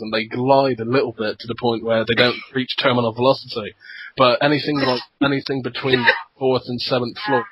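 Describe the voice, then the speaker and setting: A man's voice: mid-range voice, fairly bright tone, husky. A man co-hosting a podcast in casual chat, joking and rambling between laughs. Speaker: podcast co-host. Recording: dull lo-fi podcast audio.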